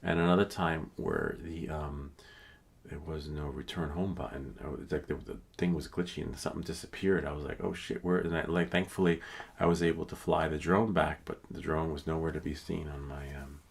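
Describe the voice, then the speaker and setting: A man's voice: very deep voice, steady tone, normal speed, creaky. A man casually reading drone exam questions aloud and tossing in joking asides.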